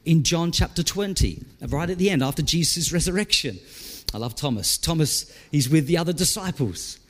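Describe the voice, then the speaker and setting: Animated preacher with a lively voice. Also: male voice, a little high, normal speed. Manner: conversational, animated, asks the congregation questions. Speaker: pastor. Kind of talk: sermon. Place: church.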